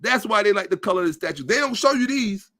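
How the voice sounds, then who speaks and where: His voice sits high and sounds animated and sharp as this man, a podcast host, moves quickly through a ranting monologue of social commentary. He lectures listeners in a blunt, profane, emphatic way.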